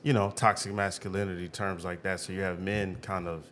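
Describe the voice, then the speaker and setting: A man co-hosting a podcast in casual chat, laid-back, his voice trailing off quietly at the end of phrases. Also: low voice, little pitch movement, brisk, slight background noise. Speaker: podcast co-host.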